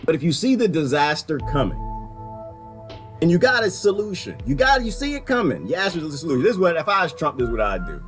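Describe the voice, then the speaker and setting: Brief: male vlogger, lively swooping delivery, raised voice, rambling rant, laughs a lot, soft music underneath. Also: on the high side, quick pace. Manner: animated, rambling, laughs often and slips into quoted voices. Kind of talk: casual ranting monologue.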